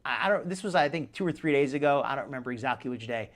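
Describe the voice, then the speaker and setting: A man's voice: medium pitch, animated, very fast. A man hosting a live stream, commenting casually in a rambling way with many restarts. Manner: rambling, restarts a lot, chuckles. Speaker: host.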